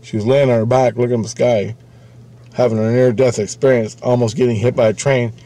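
Dark-voiced man telling a rambling story. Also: medium pitch, fairly even intonation, brisk. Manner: rambling, profane, repeats himself. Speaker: vlogger. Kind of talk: casual storytelling.

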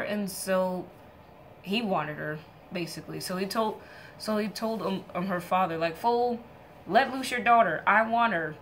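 A woman's voice: on the low side, a bit bright, slight background noise. A young woman streamer casually retelling a myth to her viewers, joking around and acting out the characters in playful voices. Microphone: streaming setup mic.

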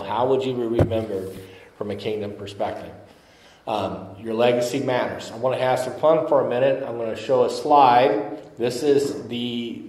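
Man, pastor, casual sermon, fillers and repetition, mid-pitched, echoey sanctuary. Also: darkish tone. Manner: conversational, with fillers and emphatic repetition. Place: church sanctuary.

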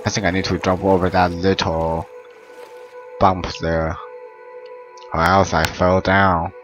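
Young man, low voice, slow talker, excitable gaming commentary, game music behind. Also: poor audio. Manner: excitable, swears, broken English. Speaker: gameplay commentator. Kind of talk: let's play commentary.

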